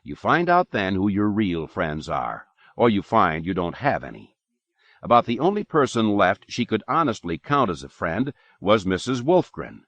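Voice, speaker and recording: Deep-voiced man reading an audiobook. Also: sing-song, normal speed, a bit bright, dry recording. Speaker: audiobook narrator. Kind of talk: audiobook narration. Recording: dull lo-fi cassette recording.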